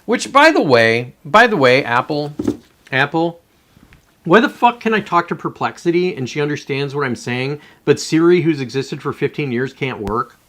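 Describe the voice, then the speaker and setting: A man's voice: a little high, very animated, moderate pace, fairly bright tone. Man, live-stream host, casual commentary, rambling, profane, reads chat aloud.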